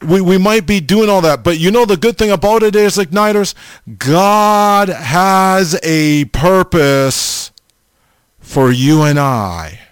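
A man preaching an informal sermon, slow and halting, often pausing and restarting as he addresses his listeners. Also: high-pitched, very animated, smooth, dry recording. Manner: slow, halting, repeats the audience name often.

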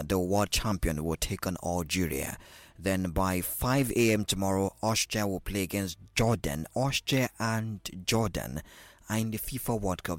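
A man's voice: low-pitched, no room sound. A man with a Nigerian accent hosting a radio sports call-in show, teasing callers with laughs and slipping into pidgin. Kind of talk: casual call-in chat.

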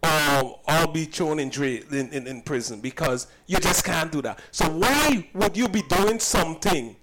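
A man tells the story of a run-in with a customer, his voice sitting a little high for a man. He is emphatic and indignant and circles back to his points again and again. A crowd murmurs clearly in the background. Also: lively intonation, unhurried, poor audio. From Saint Kitts. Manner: emphatic, indignant, repeats himself. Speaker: cook and business owner. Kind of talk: recounting a personal incident.

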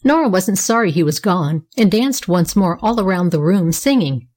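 A woman narrating a children's storybook with a lively, expressive reading. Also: fairly low pitch, normal speed.

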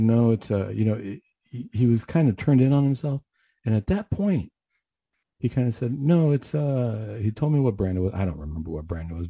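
Earnest low-voiced man telling a story. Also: dark tone, husky, no room sound. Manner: earnest, conversational, with frequent restarts. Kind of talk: personal storytelling on radio.

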